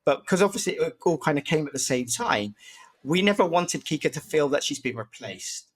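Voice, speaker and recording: Guy chatting on a podcast, kinda high voice, does little voices for the dogs. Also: brisk, husky. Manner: animated, acts out voices in his stories. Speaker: podcast guest, disability campaigner. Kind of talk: casual storytelling chat.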